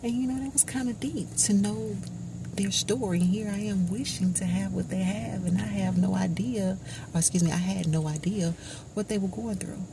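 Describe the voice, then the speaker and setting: Gravelly-voiced woman telling a personal story. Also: medium pitch, noisy background. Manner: slow, reflective, often drops to a hushed voice. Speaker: vlogger.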